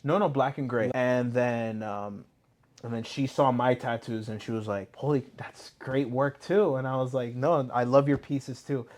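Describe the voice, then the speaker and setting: A man's voice: mid-range voice, steady tone, normal speed, darkish tone. A man, a guest, chatting casually about his experiences in a rambling, enthusiastic way, filling gaps with "like". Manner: rambling and enthusiastic, heavy use of "like" and restarts. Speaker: tattoo client and guest. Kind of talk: casual interview chat.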